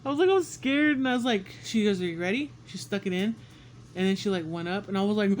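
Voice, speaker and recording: A man vlogging a casual story about being sick, animated and swearing often, acting out what people said. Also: very high voice, brisk, a little hiss or hum. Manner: animated, swears often, acts out quotes with squeals. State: congested and sick.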